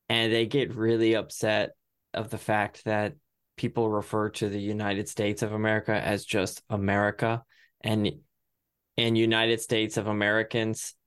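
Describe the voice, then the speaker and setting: A man's voice: fairly low pitch, clear, resonant tone. A man co-hosting a podcast in casual chat, easygoing and teasing, often chuckling. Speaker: podcast co-host.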